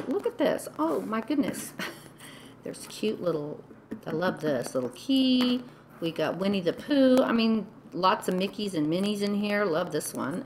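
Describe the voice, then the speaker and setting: A woman's voice: fairly low pitch, a bit bright, a little hiss or hum, poor audio. A woman craft vlogger giving a casual show-and-tell tutorial, chatty and gushing over small details. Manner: gushing, chatty, lots of "oh my goodness".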